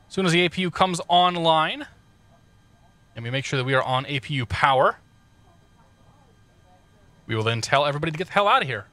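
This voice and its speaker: A man's voice: mid-range voice, pushed and bright, no echo. A man casually talking through cockpit checklists on a live stream, joking and greeting chat viewers as he goes. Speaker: flight sim streamer.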